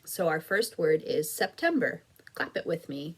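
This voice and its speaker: Over a very noisy background, a woman with a low voice teaches early reading to young kids, speaking a little slowly and with animation. She's an elementary school teacher in a slow, clear phonics video, patiently encouraging and drawing out each word as she sounds it out.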